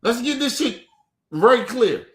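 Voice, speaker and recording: In a roomy-sounding space, a man with an extremely high, sing-song voice delivers a heated, profane rant at a measured pace. He's streaming, talking to his viewers and repeating himself endlessly.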